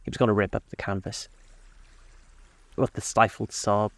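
A man reading a classic novel aloud as a storyteller, steady and unhurried. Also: lowish voice, dry recording.

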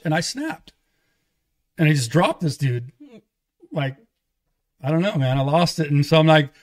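Man, guest pastor, animated storyteller, slightly high voice, casual testimony. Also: moderate pace. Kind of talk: conversational testimony.

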